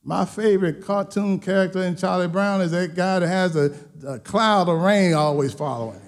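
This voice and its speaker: A male pastor delivering a sermon in a high, gravelly voice. He repeats and stacks his phrases, building steadily toward loud, emphatic peaks. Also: normal speed, few pauses.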